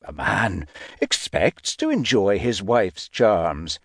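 A woman voicing a stern, unbending aristocratic father in an audiobook, slow and commanding. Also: extremely low pitch, very animated, breathy edge, dry recording, studio quality, pitched below the performer's own voice, exaggerated voice. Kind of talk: audiobook character voice.

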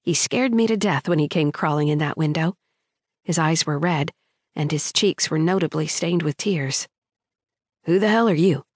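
A woman with a low voice reads a first-person audiobook in a measured, storytelling manner. The recording is dry and close, with no room sound around her. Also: no room sound. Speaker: audiobook narrator. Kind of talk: scripted first-person narration.

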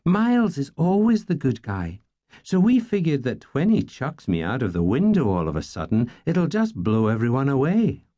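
A male narrator voicing a playful, teasing actress in a high, drawn-out voice. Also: wildly swooping pitch, warm tone, highs cut off.

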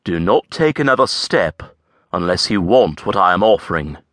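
A man playing a smooth, commanding farrier. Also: sits low, big pitch swings, moderate pace, fairly bright tone, no echo, studio quality.

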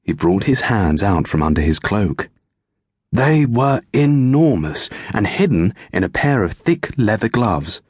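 A man narrating a children's audiobook with animated storytelling. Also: lowish voice, unhurried, slightly rough, dry recording.

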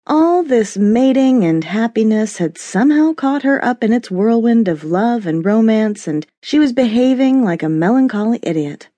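A woman narrating a romance audiobook in an expressive storytelling manner, close to a studio mic. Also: on the high side, moderate pace, hardly any pauses, no room sound. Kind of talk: scripted narration.

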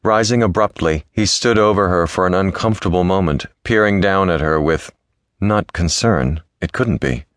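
A male audiobook narrator reading a historical romance with smooth, even storytelling. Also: low voice, moderate pace, dry recording, clean studio sound.

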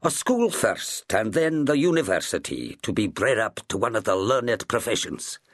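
A man's voice: fairly low pitch, sing-song, moderate pace, studio quality, voice pushed up. A man doing a solemn old sailor, Ross. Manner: solemn, agreeable, echoes others.

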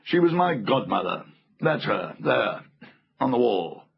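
A man's voice: medium pitch, very animated, measured pace, gravelly, breathy edge, exaggerated voice. A man doing a sly, oily old uncle. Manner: silky, wheedling, with chuckles. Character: sly, scheming elderly uncle, oily and secretive. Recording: muffled audiobook recording, faint music.

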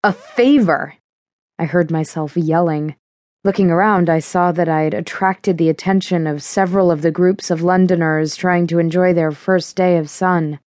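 A woman narrating a thriller audiobook in the first person, with a measured, even delivery. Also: lowish voice, dry recording, clean studio sound.

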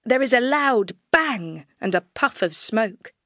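A woman reading an audiobook aloud in measured, even first-person storytelling, close to a studio mic. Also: fairly high pitch, no echo. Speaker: audiobook narrator. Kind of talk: scripted audiobook narration.

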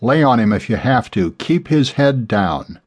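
A man's voice: mid-range voice, sing-song, unhurried. A man doing a curt, commanding horse vet. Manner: curt, barking orders. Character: tense male horse vet, commanding under pressure.

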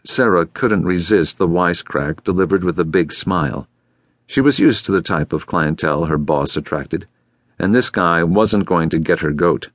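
Male narrator, very deep voice, dry close studio, steady, audiobook. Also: moderate pace, no echo. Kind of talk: scripted narration.

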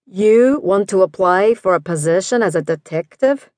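A woman voicing a skeptical male Scottish detective chief with a blunt, measured, dismissive manner in an audiobook. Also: mid-range voice, lively intonation, darkish tone, dry recording, clean studio sound, lightly acted.

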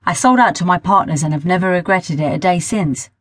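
A charming Texan builder in his late twenties, as a woman reads him, speaking with an easygoing, teasing drawl. The voice sounds slightly husky. It is recorded close and dry for an audiobook. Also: lowish voice, fairly quick, dry recording, close to an everyday voice. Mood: flirty.

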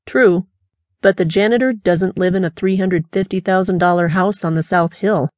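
A woman voicing a calm, methodical male police detective who talks in a patient, measured, quietly pointed way. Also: lowish voice, no room sound, close to an everyday voice. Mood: dry, confident.

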